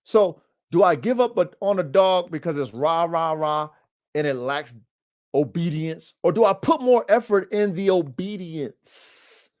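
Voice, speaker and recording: A man's voice: high-pitched, animated, a little slow, a little mellow. A man hosting a dog podcast, talking casually and animatedly in slang, calling listeners family and bro. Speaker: podcast host and dog trainer.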